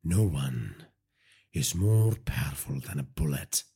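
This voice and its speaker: A man's voice: sits low, lively intonation, unhurried, warm tone, husky, exaggerated voice. A man voicing a cold, vengeful vigilante father in an audiobook, terse and emotionless. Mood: menacing. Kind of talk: audiobook character voice.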